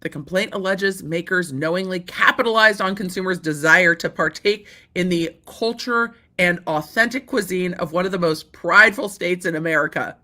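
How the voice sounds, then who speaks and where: A woman hosting a casual legal commentary show, bright and forceful in tone. She reacts with animated disbelief, repeats herself, and swears casually. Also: on the low side, normal speed, hardly any pauses. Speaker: host.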